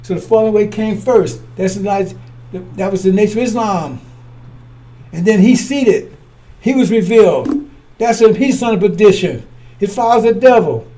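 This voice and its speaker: A man's voice: high voice, animated, moderate pace, warm tone. A man preaching in a blunt, scornful way, often repeating and restarting his words. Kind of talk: fiery preaching.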